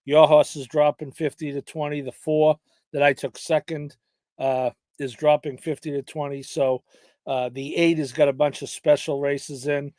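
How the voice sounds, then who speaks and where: A man in casual podcast chat, weighing his race picks with hesitant pauses and restarts. His voice sits a little high for a man and is recorded dry and close. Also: level tone, a little mellow, dry recording. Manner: hesitant, lots of fillers and restarts. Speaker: podcast co-host handicapping horse races.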